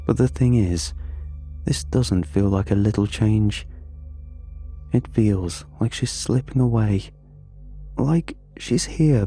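A man narrating a first-person horror story in a measured, uneasy way, with drawn-out pauses. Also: lowish voice, mellow.

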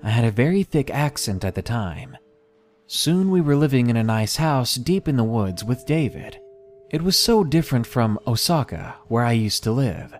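A man reading submitted first-person scary stories aloud in a steady, measured scripted narration. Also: medium pitch, a little hiss or hum. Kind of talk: scripted horror story narration.

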